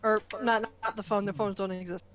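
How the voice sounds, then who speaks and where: A woman's voice: medium pitch, fairly even intonation, a little fast. A woman playing in a tabletop game, chatting casually and hesitantly with frequent ums. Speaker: player.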